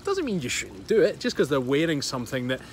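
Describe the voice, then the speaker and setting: A man's voice: medium pitch, wildly swooping pitch, quick pace, a little hiss or hum. A Scottish man in his thirties chatting casually on a livestream from a pool on holiday, greeting viewers by name and laughing often. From Scotland. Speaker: fitness coach and livestream host. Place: by a hotel pool outdoors.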